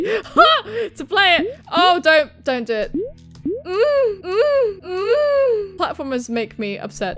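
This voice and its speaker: A woman hosting a let's-play video, excitable, yelping, swearing and laughing at her own failures as she plays. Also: high-pitched. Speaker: gaming video host.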